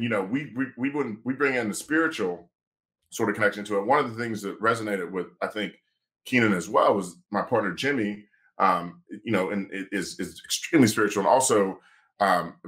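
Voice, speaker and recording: A man, a sports agent and lawyer, telling a story on a podcast in a casual, animated way and acting out the quoted dialogue. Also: on the low side.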